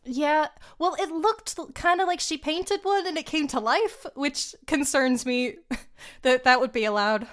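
A woman's voice: high-pitched, measured pace, fairly bright tone. A young woman co-hosting a podcast, chatting casually about a film, giggly and full of slang and fillers. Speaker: podcast co-host. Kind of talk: casual chat reviewing a film.

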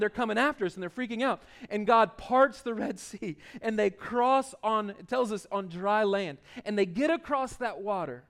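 A man with a high-pitched voice preaches in a loose, conversational way, as if chatting with his congregation. He often stumbles and repeats words as he starts a thought. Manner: informal, repeats words when starting sentences. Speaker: pastor. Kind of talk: conversational sermon.

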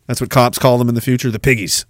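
A man's voice: medium pitch, steady tone, fast talker, dry recording, clean studio sound. A man hosting a livestream podcast, ranting sarcastically, laughing at his own riffs and reading chat comments aloud. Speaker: podcast host.

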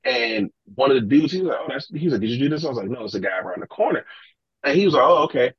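A man, a podcast guest, telling animated stories in casual talk, acting out other people's lines and swearing freely. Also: mid-range voice, rapid-fire, creaky, husky, dry recording, dull audio. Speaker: podcast guest, sneaker collector. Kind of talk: casual storytelling.

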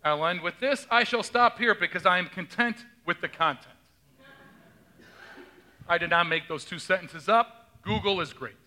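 A male pastor with a notably high, very bright voice gives a conversational sermon. He reads the gospel and then chats with his flock, asking them questions from the front of the church. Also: moderate pace, pauses often. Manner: chatty, quizzes the congregation. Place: church sanctuary.

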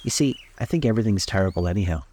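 A man's voice: lowish voice, lively intonation, rapid-fire, dark tone, a little hiss or hum, lightly acted. A man voicing a brittle, airy young socialite woman in a theatrical, scornful way. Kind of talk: audiobook reading.

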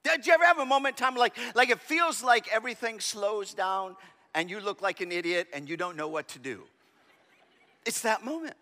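High, bright-voiced man preaching in a hall. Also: a little fast. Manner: animated storytelling, swings from shouting to hushed. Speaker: pastor. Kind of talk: sermon with personal story.

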